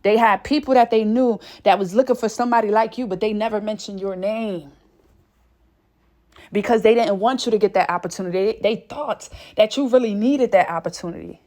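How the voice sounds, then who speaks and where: A fervent woman gives a spiritual reading. She sounds out of breath, preachy and casual at once, swearing freely. Her voice sits at a middle pitch for a woman. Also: a little fast, darkish tone. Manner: fervent, exclaims whew often, swears casually. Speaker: spiritual reader.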